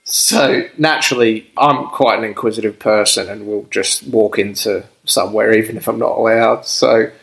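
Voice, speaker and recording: A young Australian man with a fairly low voice, spinning a long story as a podcast guest. He talks in a laid-back, rambling way and laughs often. The tone stays easy and conversational. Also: steady tone, moderate pace, gravelly, hardly any pauses, fairly bright tone, low-quality recording. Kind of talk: casual storytelling.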